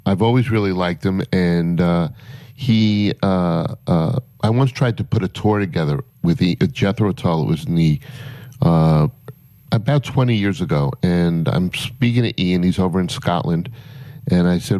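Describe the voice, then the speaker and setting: A man's voice: deep voice, moderate pace, dark tone, dry recording. A man, a concert promoter guest on a morning radio show, telling rambling anecdotes with many fillers. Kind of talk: casual radio storytelling.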